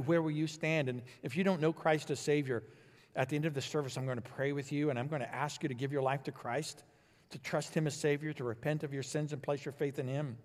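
A man delivers a sermon from the pulpit. His voice sits a little higher than most and swells with emphasis before falling back to quiet, low phrases. Long reverb from the church sanctuary trails each line. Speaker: pastor.

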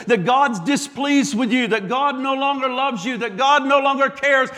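A male pastor with a very high voice preaches with passion, stacking phrase on phrase and restarting mid-thought. His voice carries a long reverb, as in a large church hall. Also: fairly bright tone. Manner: impassioned, piling up repeated phrases, with stumbles and restarts. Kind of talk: sermon.

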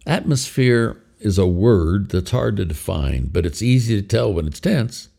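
An older man narrating a memoir in a measured storytelling way. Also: fairly low pitch, lively intonation, gravelly, dark tone.

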